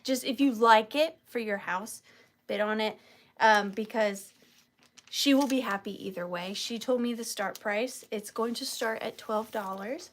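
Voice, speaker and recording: Woman host in her thirties, higher voice, unhurried, gushing and chatty for a live sale. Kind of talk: casual live-sale chat.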